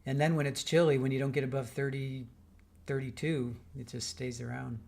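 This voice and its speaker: A man's voice: medium pitch, level tone, fairly quick, vocal fry, darkish tone. An older man from the Midwest hosting a livestream. He reads viewer comments aloud and answers in a chatty, rambling way, often restarting his sentences. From American Midwest. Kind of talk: casual chat while waiting for a trial.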